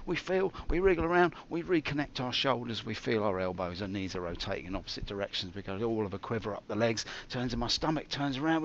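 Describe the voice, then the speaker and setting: A man streaming a game, telling theatrical, jokey stories with big swings in pitch. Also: highs cut off, a little hiss or hum. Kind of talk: rambling live-stream commentary.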